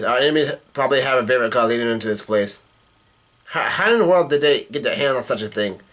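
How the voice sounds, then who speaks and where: Guy reading manga out loud, mid pitch, swears in between, super casual. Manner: reads dialogue aloud, drops profane asides. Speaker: manga reaction youtuber. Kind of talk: casual reading aloud with commentary.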